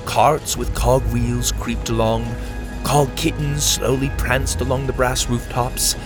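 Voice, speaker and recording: A man narrating a children's adventure story in an expressive storytelling manner. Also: mid-range voice, slow pace, over music.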